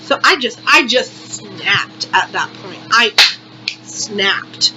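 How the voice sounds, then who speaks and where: A woman's voice: mid-range voice, lively intonation, takes it slowly, highs cut off, very noisy. A young woman vlogger performing a satirical monologue in exaggerated, repetitive, melodramatic outrage.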